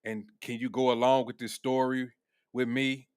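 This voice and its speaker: A man's voice: mid-range voice, level tone, normal speed, clear, resonant tone, no echo, studio quality. A man hosting a casual reaction commentary, blunt and profane, laughing often. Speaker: commentary host.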